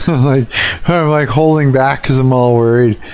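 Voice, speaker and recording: Relaxed male stream host. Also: medium pitch, unhurried, clean tone. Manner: relaxed, reacting with short exclamations. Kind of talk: casual chat. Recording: guitar playing behind.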